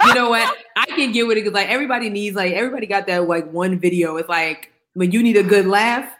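A woman's voice: medium pitch, quick pace, very noisy. A woman co-hosting a podcast in casual chat, emphatic and slangy, repeating her punchlines for effect. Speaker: podcast co-host.

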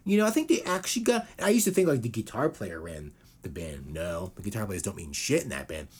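Man, podcast host, husky voice, lively up-and-down delivery, loose rambling chat. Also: on the low side, fairly quick. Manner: rambling, lots of fillers and put-on quotes.

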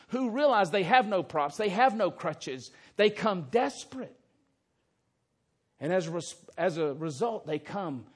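A man with a notably high voice preaches slowly and deliberately from the pulpit. He drives his points home with emphasis and keeps asking his congregation pointed rhetorical questions. The sermon is delivered in a church sanctuary. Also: husky. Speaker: pastor. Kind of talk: expository sermon.

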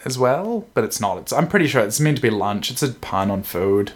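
A man's voice: medium pitch, sing-song, a little fast. Enthusiastic, digressive male podcaster. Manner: enthusiastic, digressive, jokey, laughs often. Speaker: podcast co-host. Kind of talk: casual chat.

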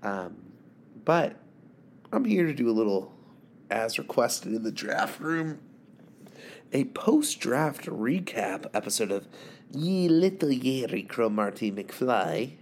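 A man in his thirties with a gravelly, fry-laden voice rants through a fantasy league recap. He is sick with covid and swings into sarcastic, swearing tirades, laughing at his own jokes. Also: medium pitch, sing-song, slow, a little hiss or hum. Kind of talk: profane rambling recap monologue.

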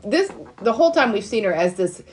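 A woman's voice: mid-range voice, big pitch swings, fairly quick. A woman co-hosting a casual podcast about a film. She fills in missed plot points and breaks down how a character comes across. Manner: analytical, corrects plot details. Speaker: podcast co-host. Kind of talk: casual movie discussion.

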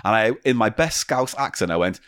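A man's voice: fairly low pitch, brisk, dry recording, studio quality. A man hosting a podcast, telling stories in casual chat and swearing freely. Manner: animated storytelling, swears freely. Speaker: podcast host.

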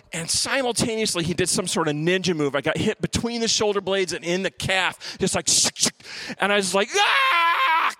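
A man's voice: sits high, bright, forceful tone, no room sound. A man telling a long comic story as stand-up, acting out voices and sound effects as he goes. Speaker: stand-up comedian.

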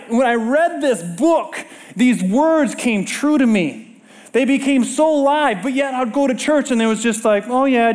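Speaking from a church stage, a middle-aged preacher delivers his sermon in a strikingly high, somewhat dark voice. He tells stories animatedly and keeps throwing rhetorical questions at the congregation.

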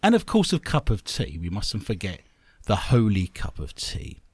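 Man hosting with lively pitch. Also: moderate pace, slightly rough, no echo. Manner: dry joking delivery, laughs at his own gags. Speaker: quiz show host. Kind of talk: comic hosting, reading listener mail.

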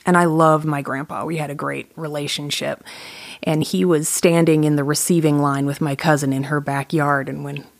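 Low-voiced woman telling stories, dry sound. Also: little pitch movement, normal speed, gravelly, no echo. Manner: chatty, laughs often, many restarts. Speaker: podcast guest. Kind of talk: casual storytelling.

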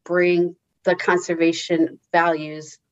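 Brief: woman guest, lower-pitched, relaxed explainer, muffled lo-fi recording. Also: takes it slowly. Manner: friendly, explanatory, relaxed with fillers. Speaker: soil and water conservation district staff. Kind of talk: radio interview guest. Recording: dull lo-fi sound.

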